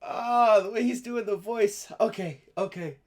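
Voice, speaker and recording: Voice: medium pitch, a little slow, a little mellow, no room sound, studio quality. A video reactor making amused, casual comments between cartoon clips.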